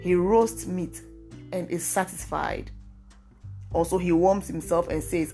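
A woman preaches in a devotional podcast, pressing her points by saying them twice. Her voice sits fairly low. Quiet music plays faintly underneath. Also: steady tone, unhurried, long pauses. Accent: African English. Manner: emphatic, repeats key phrases.

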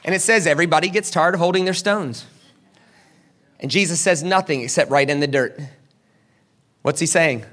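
A man's voice: on the high side, moderate pace, long pauses, fairly bright tone. A man preaching a sermon as pastor. He asks the crowd questions, answers them himself, and acts out the people in the story.

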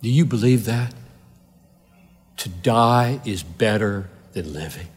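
Man, pastor, sermon, deliberate unhurried delivery, long echoing reverb, impassioned. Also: fairly low pitch, expressive, slightly rough. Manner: impassioned, rising to loud emphatic peaks then dropping to quiet intensity.

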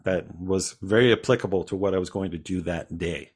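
A man's voice: low voice, fairly quick, slightly rough. A man guest on a podcast, telling his own story in a rambling, casual way with frequent restarts and small laughs.

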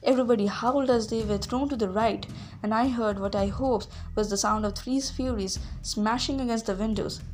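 A woman reading a novel aloud as a first-person narrator, lively, with occasional small slips. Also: on the high side, moderate pace, slight background noise. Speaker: audiobook reader.

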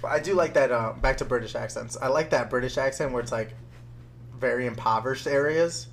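A man in the middle of a loose, crude podcast chat. He is laid-back and swears freely, and his voice sits at an average pitch. A faint hum runs beneath his voice. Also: fairly quick. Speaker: podcast co-host. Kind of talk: casual crude chat among friends.

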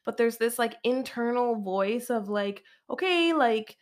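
A woman's voice: on the high side, steady tone, a little slow, a little mellow. A young Canadian woman hosting her own podcast, talking casually on her own and laughing often, with lots of "like" in her speech. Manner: chatty, laughs often, says "like" a lot. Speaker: podcast host. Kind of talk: casual solo podcast monologue.

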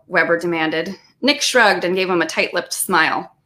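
On a video call, a woman author reads aloud from her own novel in a lively way, breaking off for laughs and self-aware asides. Her voice sits on the low side, at a moderate pace.

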